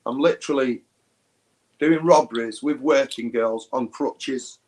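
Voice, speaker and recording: A man's voice: measured pace, a little mellow. A man telling a candid story in plain words, raising his voice to act out the people he quotes. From England. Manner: plain-spoken, acts out quoted voices in a raised pitch. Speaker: interview guest.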